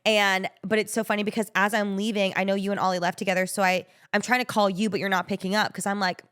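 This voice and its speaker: Young woman podcast cohost, casual chatter, mid-range voice, quick reactions. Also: mid-range voice, little pitch movement, a bit bright, clear, resonant tone. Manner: quick reactions, jumps in with short comments. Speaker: podcast co-host. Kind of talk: casual chat.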